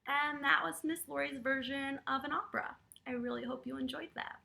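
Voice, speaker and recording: A woman reading a picture book aloud to children and leading yoga poses, speaking to them in an animated, playful way. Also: high voice, fairly quick, creaky. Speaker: children's storyteller and yoga teacher.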